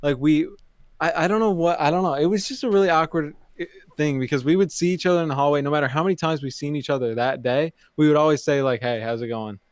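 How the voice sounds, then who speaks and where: A man's voice: on the high side, fast, no room sound. A young man from Canada co-hosting a podcast, chatting casually and telling rambling stories with restarts. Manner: easygoing, rambling storytelling with restarts. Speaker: podcast co-host. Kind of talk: casual chat.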